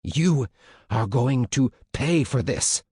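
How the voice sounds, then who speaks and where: A man playing a brutal camp officer who shouts and snarls insults, for an audiobook. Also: medium pitch, animated, slow pace, husky, no echo, studio quality, voice pushed up, heavily acted. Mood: furious shouting.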